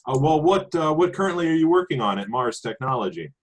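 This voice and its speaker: A man's voice: on the high side, sing-song, fast talker, voice pushed up. A man voicing a polite woman TV news reporter, speaking hesitantly with many fillers.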